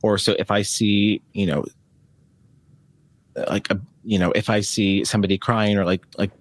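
Man, psychic medium guest, rambly storyteller; low-ish husky tone, dry close sound. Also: level tone, moderate pace, dry recording. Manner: rambling, laughing, self-interrupting. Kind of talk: casual storytelling.

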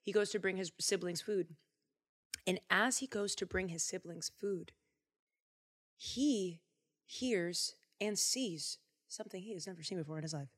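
A woman casually retelling a Bible story, animated and chatty with jokey asides. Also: lowish voice, measured pace.

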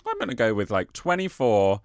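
A man's voice: fairly low pitch, huge pitch swings, brisk, dry recording, clean studio sound. A man co-hosting a podcast, joking in a camp, playful, theatrical way. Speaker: podcast co-host. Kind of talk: casual chat.

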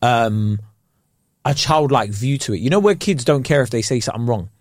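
A man co-hosting a podcast, telling stories in animated, slangy casual chat. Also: mid-range voice, normal speed, no room sound, studio quality. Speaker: podcast co-host.

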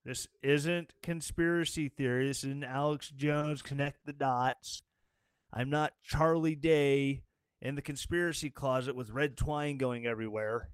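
A man with a medium-pitched, fairly even and smooth voice speaks unhurriedly in a dry, clean studio recording. Hosting his own talk show, he sounds tired as he delivers a rambling, sarcastic political rant, slipping into mocking quoted voices.

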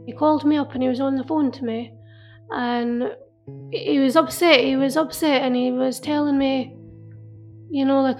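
A woman telling an emotional personal story in an earnest, halting way, often repeating herself. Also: high-pitched, steady tone, highs cut off. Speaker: interviewee. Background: soft music.

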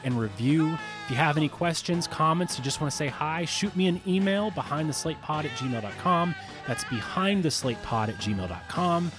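A man from Atlanta, hosting a podcast, narrating in a clear, conversational storytelling manner. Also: fairly high pitch. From Atlanta, USA. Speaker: podcast host. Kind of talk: scripted narration.

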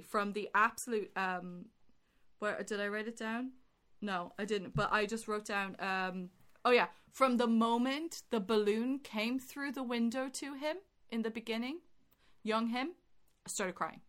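A woman's voice: on the high side, normal speed. A woman co-hosting a casual podcast chat, telling stories animatedly and swearing freely. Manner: animated storytelling, swearing, rising into loud excitement. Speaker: podcast co-host.

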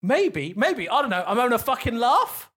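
Animated, argumentative man. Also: very high voice, normal speed, breathy edge. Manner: argumentative, defends himself at length. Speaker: podcast co-host, comedian. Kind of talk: casual chat.

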